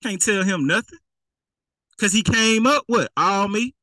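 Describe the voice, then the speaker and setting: Lively, bright-voiced man preaching. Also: high voice, measured pace, no echo, rough recording. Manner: playful, acts out the rich man in casual slang. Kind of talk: conversational sermon.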